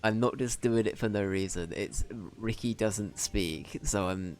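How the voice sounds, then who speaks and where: Male streamer, lowish voice, rambling, self-deprecating casual commentary. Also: a little slow, faint music behind. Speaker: game streamer.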